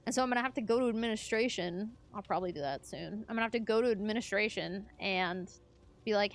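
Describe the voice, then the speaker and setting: A woman's voice: medium pitch, quick pace. A young adult woman streamer chatting casually with her chat while gaming, laughing often.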